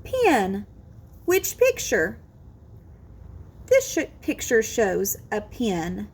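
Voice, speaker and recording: A woman teaching a kindergarten phonics lesson, sounding out words slowly and with exaggerated care. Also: mid-range voice, wildly swooping pitch, darkish tone, breathy edge. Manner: drawn-out, exaggerated sounding out of words, sing-song encouragement. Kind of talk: slow, careful phonics lesson for young children.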